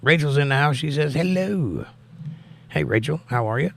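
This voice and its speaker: Older man, live stream host, upbeat, animated greetings, mid-pitched voice, close mic. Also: fast, gravelly. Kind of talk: live-stream chat reading viewer comments.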